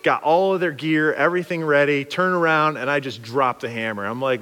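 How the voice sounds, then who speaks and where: Animated preacher man, long hall echo. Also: fairly high pitch, moderate pace, hardly any pauses. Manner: animated, joking, acts out quotes. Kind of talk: storytelling sermon.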